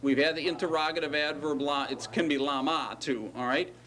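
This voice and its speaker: A man's voice: on the high side, steady tone, a little fast, pushed and bright. A middle-aged man teaching a classroom lecture, explaining patiently step by step and checking that his students follow. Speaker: Hebrew teacher.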